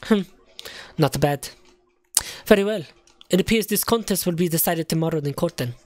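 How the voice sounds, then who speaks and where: A man voicing a cold, scheming female director villain in a video game, speaking slowly and menacingly in a lowered voice. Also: darkish tone, dry recording, lightly acted.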